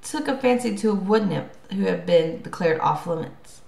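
A woman voicing a calm, wise male centaur teacher in an audiobook, speaking gravely and deliberately. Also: fairly low pitch. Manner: grave, measured. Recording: roomy echo.

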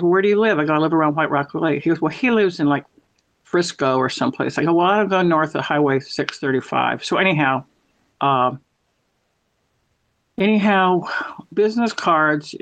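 A woman's voice: low-pitched, moderate pace, pauses often, fairly bright tone. A middle-aged woman hosting a podcast, telling rambling stories and acting out both sides of each conversation. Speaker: podcast host. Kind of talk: casual storytelling. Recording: muffled lo-fi audio.

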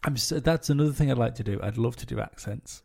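A man with a Manx accent, co-hosting a casual comedy chat and making dry, deadpan quips. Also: mid-range voice, quick pace, gravelly. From Isle of Man. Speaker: podcast co-host.

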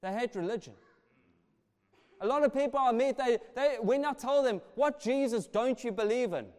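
A man preaching a sermon, passionate and swinging between soft and loud delivery. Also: very high voice, moderate pace, clean tone. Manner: passionate, rising and falling in volume. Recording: long reverb of a large hall.

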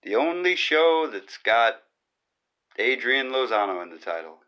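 Slow, rambling awkward man hosting a podcast. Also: mid-range voice, big pitch swings, dull audio. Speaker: podcast host. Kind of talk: casual comic monologue.

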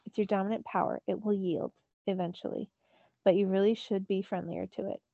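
A woman reading a storybook's calm, commanding male god mentor, speaking steadily and a little lower and softer than her narration. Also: brisk, gravelly, dry recording, phone-quality sound.

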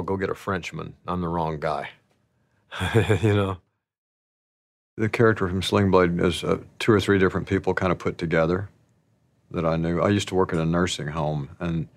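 A man in his sixties with a low voice, recounting stories from his life in a relaxed, rambling, self-deprecating way. He often drops "you know" asides. The sound is dry and close, with no room around it. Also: dry recording. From American South. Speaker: actor telling his story. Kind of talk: reflective storytelling.

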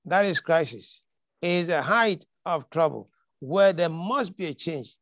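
A man's voice: a little high, animated, unhurried, a bit bright, no echo, lo-fi sound. A man preaching a sermon, emphatic and repeating his key lines, quoting scripture dramatically. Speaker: pastor.

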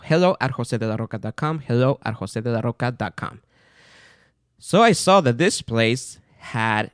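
Man, casual host monologue, mid-pitched, animated storytelling, dry close recording. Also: no room sound. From outside the United States. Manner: animated, chatty, with fillers and retold dialogue. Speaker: podcast host.

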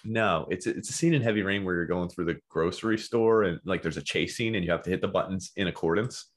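A young man from Philadelphia with a Philly accent, co-hosting a podcast with playful jokes and wordplay. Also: deep voice. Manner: playful, wordplay, quick laughs. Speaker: podcast co-host. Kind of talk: casual podcast banter.

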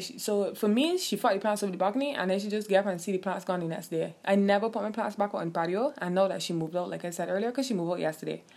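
A young woman, telling a personal story in a casual, animated and profane way. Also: fairly low pitch, creaky. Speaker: vlogger.

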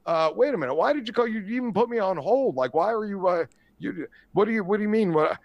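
Baffled man on hold, as a man puts him on: stammering, raised pitch, rising confusion. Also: lively intonation, fast talker, creaky, dry recording, lo-fi sound. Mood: confused. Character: bewildered middle-aged man put on hold.

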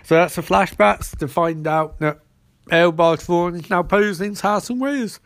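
A man hosting a show, rambling through a casual, sarcastic episode recap with quick asides. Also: high voice.

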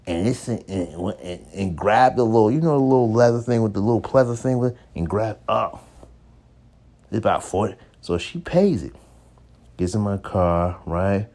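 A man in his thirties with a low, deep voice tells a casual story from his own life. His tone is warm and mellow, and he breaks into laughter as he goes. He jumps into other people's voices to act out what they said. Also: moderate pace. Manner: animated, acts out others' lines in shifting voices; laughs between lines. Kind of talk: casual anecdote telling.

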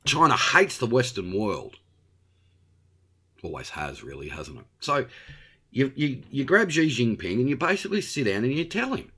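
A man's voice: mid-range voice, big pitch swings, moderate pace, sharp tone, slightly rough. An Australian man hosting a blunt, opinionated monologue, full of tag questions like "okay?" and "right?". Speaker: host.

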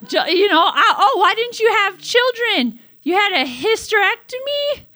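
In a live comedy roast, a woman plays a comedic version of a famous 1950s female comedian, giggling, rambling, poking fun at herself and laughing at her own jokes. Her very high voice is sing-song, pushed and bright, delivered at a measured pace and heavily acted.

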